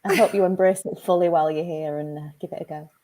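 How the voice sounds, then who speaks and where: A woman's voice: fairly low pitch, fairly even intonation, quick pace, warm tone. A woman from England co-hosting a casual video call, giggly and teasing. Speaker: festival team member co-host.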